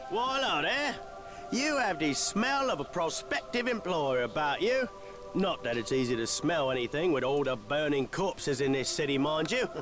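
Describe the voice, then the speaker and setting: A cocky little halfling thief from a fantasy game, voiced by a man. He talks in sly wisecracks at a somewhat higher pitch. Game music plays behind him. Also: lively intonation, normal speed, lightly acted. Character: roguish boastful male halfling thief.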